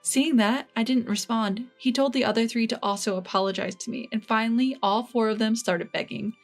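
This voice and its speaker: A woman narrating her own family revenge story in the first person, matter-of-fact and quietly smug. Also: a little high, brisk, soft background music.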